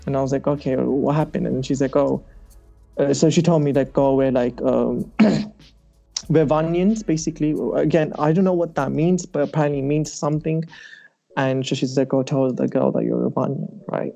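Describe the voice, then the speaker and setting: A man's voice: medium pitch, fairly even intonation, normal speed, creaky, warm tone, lo-fi sound, soft background music. A young man hosting a podcast, casually telling a personal story with lots of animation and laughter. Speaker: podcast host. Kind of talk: casual chat.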